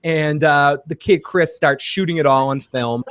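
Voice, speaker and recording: A man's voice: on the high side, measured pace, crowd noise. A man hosting a casual recap chat, retelling scenes and acting out the characters' lines. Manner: animated retelling, acts out quotes. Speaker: podcast host.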